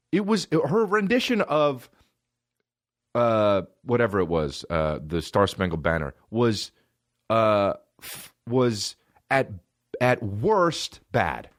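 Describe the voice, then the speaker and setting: A man hosting a podcast, ranting in a profane, mocking, animated comic way into a close mic. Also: mid-range voice, no echo. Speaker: podcast host. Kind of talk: solo comedic rant.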